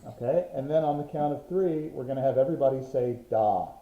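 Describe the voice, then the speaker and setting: A man's voice: medium pitch, brisk. A man teaching a Morse code class online, patiently explaining and sounding out rhythms. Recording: roomy, dull lo-fi sound.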